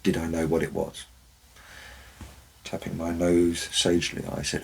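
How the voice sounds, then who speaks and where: A man's voice: sits low, completely flat delivery, unhurried, vocal fry, slight background noise, poor audio. A man, a former forest warden, tells wry anecdotes in a dry, storytelling way. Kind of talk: storytelling narration.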